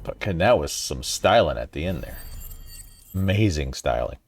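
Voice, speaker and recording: A man streaming himself playing a video game. He talks in a crude, profane, ranting way, his pitch swinging widely. Faint music plays behind him. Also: lively intonation, normal speed, vocal fry. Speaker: gaming streamer. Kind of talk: let's play commentary.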